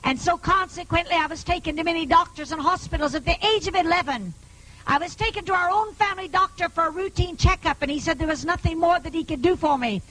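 A woman evangelist with a very high, bright, cutting voice tells her healing testimony to an audience. Her preaching is emphatic and often swells into shouting. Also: fast, poor audio.

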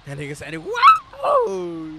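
A young man streams live reactions to basketball highlights, groaning and blurting exclamations amid casual, slangy, profane banter. He talks expressively at a normal speed over heavy background noise.

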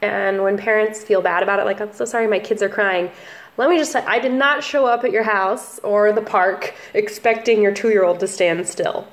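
Young woman, relaxed chatty vlog talk, mid-pitched voice, easygoing. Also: moderate pace, hardly any pauses. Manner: chatty, relaxed, frequent ums and likes. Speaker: family photographer. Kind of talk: casual talking-head vlog.

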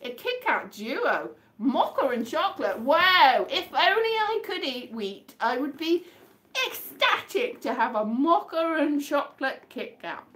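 A woman's voice: sits high, very animated, measured pace, fairly bright tone. A woman from the UK chatting casually in a vlog, rambling and amused with herself as she guesses mystery items by touch. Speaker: vlogger.

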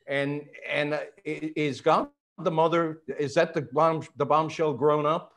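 A man hosting a talk show, asking thoughtful questions in a halting way. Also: a little high, flat delivery, a bit bright.

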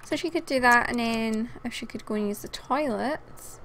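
A woman's voice: fairly high pitch, moderate pace, fairly bright tone, slight background noise. A woman hosting a casual let's play, chatting and giggling as she talks to the game characters, sounding tired. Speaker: gaming channel host.

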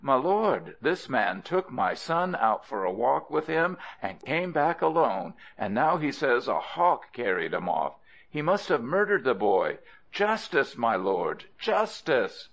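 A man's voice: mid-range voice, sing-song, slow pace, few pauses, a bit bright, heavily acted. A man voicing a dishonest male villager who pleads, lies and then cries out in indignation. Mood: indignant. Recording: dull lo-fi audio.

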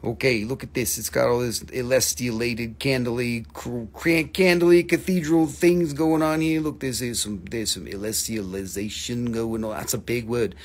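Joking man with a gravelly voice. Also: medium pitch, fairly even intonation, moderate pace, hardly any pauses. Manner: joking, teasing, swears casually. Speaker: host of a live mineral sale. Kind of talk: casual live-stream sales patter.

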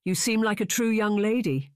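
A man's voice: high voice, expressive, normal speed, clean tone, dry recording, studio quality, pitched above the performer's own voice. A man narrating an audiobook voices an arrogant young marquis who needles the ladies with smug remarks. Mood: teasing.

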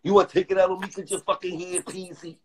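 A middle-aged man telling crude stories casually on a live stream, animated and profane, acting out both sides of his arguments. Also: high-pitched, quick pace, husky, rough recording.

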